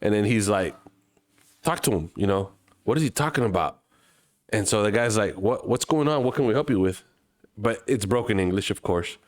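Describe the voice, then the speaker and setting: A man from Mexico, co-hosting a podcast, telling a travel story with lively acted-out voices and plenty of swearing. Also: on the low side, moderate pace, no echo, clean studio sound. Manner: animated storyteller, acts out other people's voices, swears freely. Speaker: podcast co-host. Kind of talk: casual chat, storytelling.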